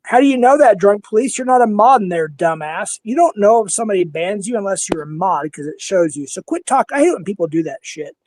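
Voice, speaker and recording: A man's voice: sits high, animated, a little fast, few pauses, a little mellow, a little hiss or hum. A man in his fifties with a Minnesota accent, hosting a casual livestream panel in a blunt, heated way and swearing freely. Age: 50s.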